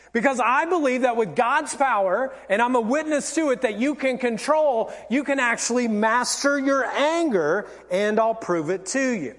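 Guy preaching a sermon in a church, really high voice, lots of long echo, acts stuff out. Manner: animated, theatrical, acts out examples. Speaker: pastor. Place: church sanctuary.

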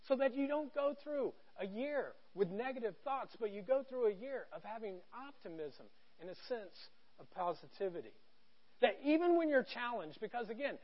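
A middle-aged man preaching a sermon from a church stage, conversational and joking, going from quiet to loud. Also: very high voice, lo-fi sound. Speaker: pastor.

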